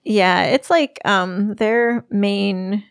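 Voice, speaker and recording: A woman's voice: medium pitch, drawn-out words, gravelly, clean tone, dry recording, clean studio sound. A middle-aged woman telling a travel story in casual chat, giggling often as she talks. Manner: giggly, laughs often while telling stories. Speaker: podcast co-host.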